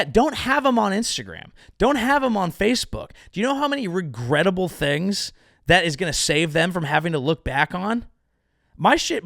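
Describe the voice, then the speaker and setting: A man's voice: on the high side, gravelly, a bit bright, no room sound, clean studio sound. A young adult man hosting his own comedy show, riffing in a profane, sarcastic monologue. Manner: profane, rambling, sarcastic, slips into silly voices. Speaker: podcast host and comedian.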